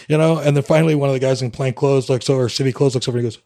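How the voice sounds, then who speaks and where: A man's voice: medium pitch, steady tone, rapid-fire, dark tone. Middle-aged canadian guy, ex-military, podcast guest, spins a story, acts out the back-and-forth, lots of uhs. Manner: candid, wry storytelling with acted-out dialogue and frequent fillers.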